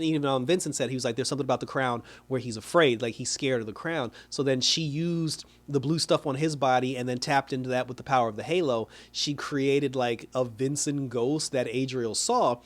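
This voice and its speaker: A man with a middle-pitched voice retells a TV episode in loose, chatty speech. He laughs often and slips into quoting the characters as he goes. The delivery is casual and lively, like a reviewer talking straight to his viewers. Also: brisk, few pauses. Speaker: TV show reviewer.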